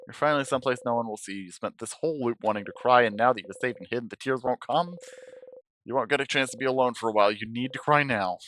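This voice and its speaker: A man streaming a game, reading its narration aloud expressively, swinging from hushed to sudden loud. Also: medium pitch, fast talker, a little hiss or hum.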